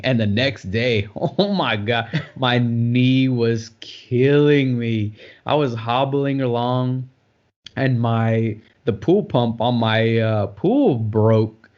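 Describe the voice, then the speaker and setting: A man co-hosting a casual podcast, telling a long personal story in a loose, conversational way with plenty of fillers. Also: medium pitch. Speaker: podcast co-host. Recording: dull lo-fi sound.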